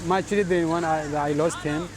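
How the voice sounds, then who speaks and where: A man telling his story in halting, broken English with many restarts. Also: fairly high pitch, fairly even intonation, a crowd in the background. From Iraq. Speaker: interviewee, former army officer.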